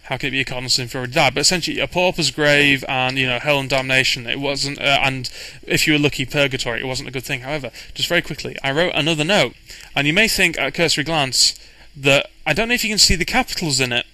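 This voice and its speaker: A man's voice: medium pitch, quick pace, few pauses, pushed and bright, dry recording, rough recording. A man, a game master, casually recounting his tabletop campaign in a rambling way, with frequent restarts and fillers. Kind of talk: casual storytelling recap.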